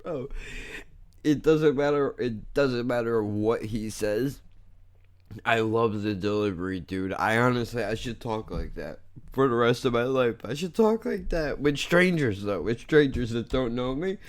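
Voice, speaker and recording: A man hosting a podcast, chatting casually and excitably with lots of swearing and laughter as he reacts to clips. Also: medium pitch, unhurried. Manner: excitable, profane, laughs often. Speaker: podcast host.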